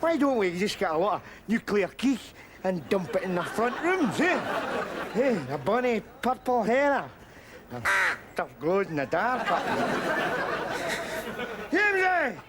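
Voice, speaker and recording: Bawdy Glaswegian ranter, high lively voice, sitcom audio with noise behind. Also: male voice, normal speed, a loud crowd. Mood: ranting. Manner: ranting, combative, mock-grand speeches. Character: loud brash middle-aged Glaswegian street philosopher. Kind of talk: sitcom acting.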